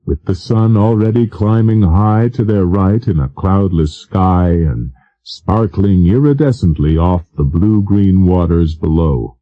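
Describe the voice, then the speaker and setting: A man narrating an audiobook in a measured, formal reading style. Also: low voice, no room sound, lo-fi sound. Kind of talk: scripted narration.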